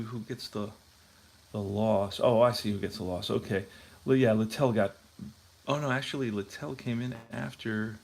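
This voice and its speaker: A man's voice: lowish voice, vocal fry, slight background noise. A man hosting a tabletop baseball replay, chatting casually and thinking aloud as he checks scorebooks. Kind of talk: casual talk while playing.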